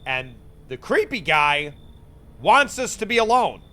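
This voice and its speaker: A man's voice: high-pitched, big pitch swings, a little slow, pushed and bright. A male streamer giving casual, chatty gameplay commentary, reacting and thinking aloud. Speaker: VTuber streamer.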